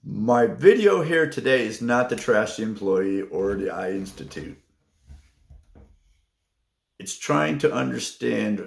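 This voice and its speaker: A man hosting his own channel, telling a personal story in a slow, halting way with many fillers. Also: fairly low pitch, gravelly, reverberant. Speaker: channel host. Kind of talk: casual storytelling vlog.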